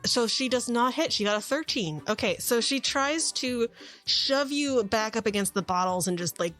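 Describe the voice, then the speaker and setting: A woman narrating as game master of a tabletop role-playing game, chatty and quick to laugh. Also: fairly high pitch, lively intonation, a bit bright, faint music behind. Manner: chatty, laughing, voicing characters.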